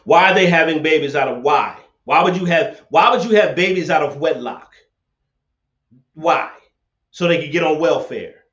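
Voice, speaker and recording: A man's voice: fairly high pitch, moderate pace, a bit bright. A man hosting a livestream debate, ranting confrontationally and repeating his points over a laptop webcam setup. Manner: confrontational, preachy, repeats himself. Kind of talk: livestream rant and call-in debate. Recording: echoey, dull lo-fi webcam audio.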